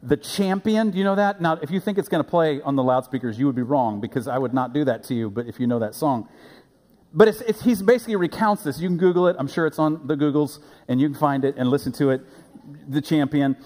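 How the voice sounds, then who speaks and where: A man preaching a sermon as a pastor, animated and playful, recorded in a church sanctuary. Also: on the high side, fast, long reverb tail.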